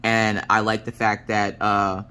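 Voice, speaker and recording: A woman in her thirties, a crafting vlogger, telling stories in a chatty, animated way with joking asides. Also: rumbling low, a little slow, smooth. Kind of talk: casual storytelling chat.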